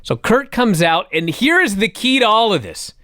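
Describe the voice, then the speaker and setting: Animated, profane man retelling with gusto. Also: sits high, normal speed, no room sound, studio quality. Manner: profane, excitable storytelling. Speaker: podcast co-host recapping wrestling. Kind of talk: casual chat.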